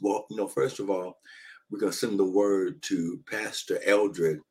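Low husky-voiced man preaching emphatically. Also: steady tone, unhurried, poor audio. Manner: emphatic, repeats phrases, calls out to listeners. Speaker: pastor. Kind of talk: live-streamed preaching. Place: shared hotel room at a conference. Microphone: phone or laptop on a video call.

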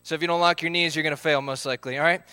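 A man's voice: on the high side, fairly even intonation, racing, sharp tone, smooth, no room sound, clean studio sound. A man, leading a live group game, upbeat as he calls out counts and instructions.

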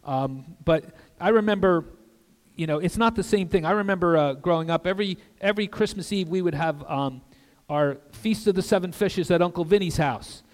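An older man preaching an earnest sermon as a guest pastor in a church, with conversational asides and soft drops for emphasis. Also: high voice, normal speed. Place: church sanctuary. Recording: long reverb of a church hall.

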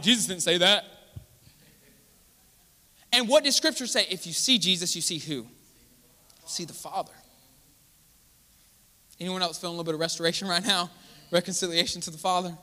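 A man preaching a sermon as pastor, asking the congregation questions and answering them, swinging between loud exclaiming and quiet asides. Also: high-pitched. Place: large church hall. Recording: long hall reverb.

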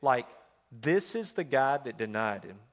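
A man, talking through scripture in an emphatic, folksy, excitable way. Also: mid-range voice, unhurried. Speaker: preacher. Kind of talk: animated scripture talk.

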